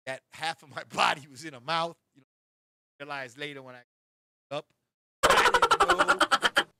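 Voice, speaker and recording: A man hosting a talk show, telling a raunchy story in an animated way, bursting into shouts and turning to his co-host again and again. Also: a little high, clear, resonant tone, dry recording, studio quality.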